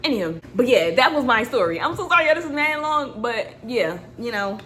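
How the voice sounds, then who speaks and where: Woman, young adult, vlogger, casual storytime, animated, slangy, bright lively pitch. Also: fairly quick, slight background noise. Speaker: vlogger reacting to a video.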